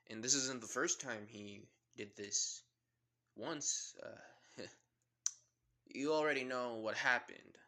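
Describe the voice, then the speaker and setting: A man's voice: lowish voice, gravelly, bright, forceful tone. A man casually narrating a fan story, rambling with many fillers.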